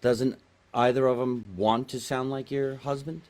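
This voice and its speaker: A man's voice: mid-range voice, level tone, darkish tone. A man hosting a comedy podcast, chatting casually and riffing jokes with his guest. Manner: joking, quick to riff. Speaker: podcast host.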